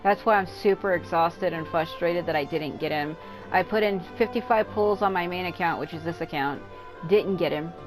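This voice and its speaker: A woman's voice: fairly low pitch, moderate pace, music in the background, poor audio. Tired, chatty woman gaming. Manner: rambling and chatty, reacting aloud. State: tired and worn out. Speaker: gameplay streamer. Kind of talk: casual gameplay commentary.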